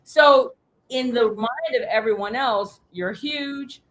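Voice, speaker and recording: A woman coaching a group in an animated, emphatic, blunt way, with the odd curse. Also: on the high side, slow pace, poor audio. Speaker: sales coach. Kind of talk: coaching talk.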